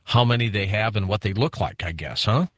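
Lower-voiced male radio host asking questions. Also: fairly quick, no room sound, clean studio sound. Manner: curious, brief questions. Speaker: radio talk show host. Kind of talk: interviewing a guest.

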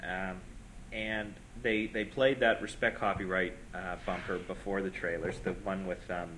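A man with a low voice debating films with friends. He argues in long, reasoned stretches over a faint background hiss. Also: steady tone, measured pace, a bit bright, poor audio. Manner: argumentative, talks in long reasoned runs. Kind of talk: casual film debate.

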